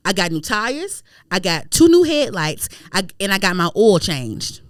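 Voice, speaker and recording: A woman co-hosting a podcast in casual chat, telling an animated story that turns to indignant shouting, with plenty of swearing. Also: medium pitch, unhurried, no room sound, clean studio sound. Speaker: podcast co-host.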